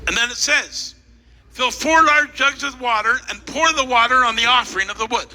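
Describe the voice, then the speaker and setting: A man's voice: very high-pitched, normal speed, bright, forceful tone. A man preaching as a pastor, playfully retelling a scripture story while directing volunteers and joking with the crowd, through a stage mic in a church hall. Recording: long echo in a large hall with faint noise.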